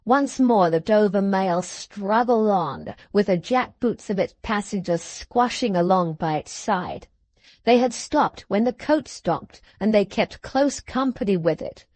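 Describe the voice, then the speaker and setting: A woman reading a classic novel aloud as an audiobook narrator, in measured storytelling. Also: medium pitch, lively intonation, a little mellow, no room sound. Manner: measured storytelling, voicing the characters.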